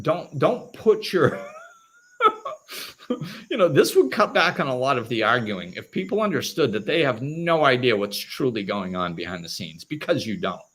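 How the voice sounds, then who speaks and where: Animated, talkative man hosting a solo show. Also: medium pitch. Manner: casual, conversational, repeats words and restarts often, acts out quoted reactions. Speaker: host. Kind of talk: live solo talk show monologue.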